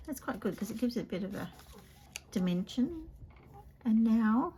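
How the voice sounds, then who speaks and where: A woman demonstrating card making in a chatty way, often dropping to a soft half-whisper as she works. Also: a little high, expressive, normal speed, pauses often, a little hiss or hum. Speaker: papercraft demonstrator. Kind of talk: chatty craft tutorial.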